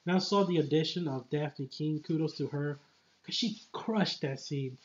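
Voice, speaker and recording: A man's voice: fairly high pitch, normal speed, dull audio. A man giving a casual, enthusiastic film review, rambling with lots of filler phrases. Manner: enthusiastic, rambling, full of "you know".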